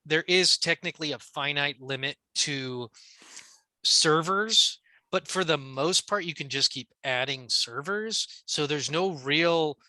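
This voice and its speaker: A man's voice: a little high, pushed and bright, dry recording. A man co-hosting a podcast in casual chat, rambling and hesitant, with lots of restarts and casual swearing. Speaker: podcast co-host.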